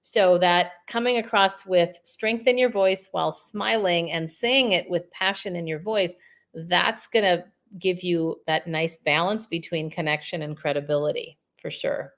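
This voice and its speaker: A woman in her fifties, a communication coach, speaking as a podcast guest in an emphatic, energetic way with spoken examples. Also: lowish voice, a little slow. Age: 50s.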